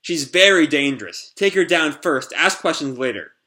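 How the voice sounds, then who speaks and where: A man's voice: fairly high pitch, expressive, normal speed, bright, forceful tone. A man reading a comic aloud and voicing a male impostor who talks in a falsely earnest, manipulative way. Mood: sly. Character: impostor hero, male, smooth and scheming.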